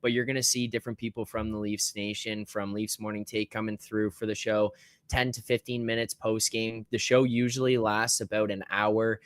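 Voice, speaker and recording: A man talking hockey on a podcast as a guest, animated and rambling, swearing freely, with a lot of filler words. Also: lowish voice, moderate pace, no echo, clean studio sound. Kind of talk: casual hockey podcast chat.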